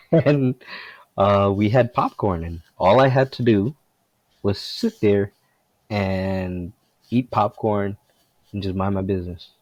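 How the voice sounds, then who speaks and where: A man's voice: lowish voice, slow pace, long pauses, a little mellow, no room sound, highs cut off. A man, a former cast member, telling a funny story from the set in casual chat, laughing often.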